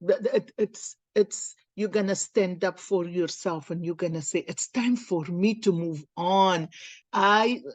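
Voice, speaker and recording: Woman card reader, casual spiritual chat, slow and earnest, dry close mic. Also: lowish voice, dry recording.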